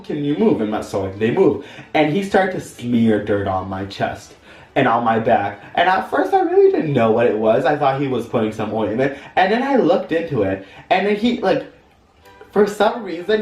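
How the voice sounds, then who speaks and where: A young man telling a dramatic, campy story from his childhood in a storytime vlog. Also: darkish tone. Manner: campy, dramatic, swings into high-pitched voices. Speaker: vlogger. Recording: echoey room, far from the mic, music underneath.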